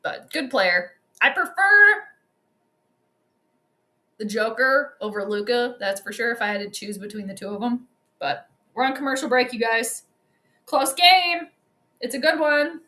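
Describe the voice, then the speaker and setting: A young woman hosting a livestream, giving chatty and excitable commentary on a basketball game straight to her viewers. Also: on the high side, a little slow, long pauses. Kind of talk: casual live commentary.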